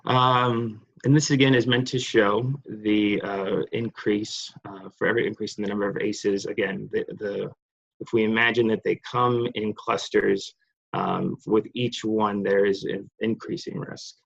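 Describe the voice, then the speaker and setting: Over slides in an online clinical lecture, a man rambles with plenty of fillers, restarts and apologies. His voice is steady, unhurried and creaky, and the session audio is muffled and low-fidelity.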